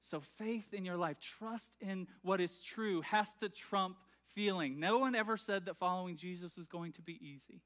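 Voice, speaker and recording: High-voiced man preaching a casual sermon. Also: normal speed, few pauses, a bit bright. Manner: conversational, frequent fillers and restarts, asks the congregation to follow along. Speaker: pastor. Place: church sanctuary.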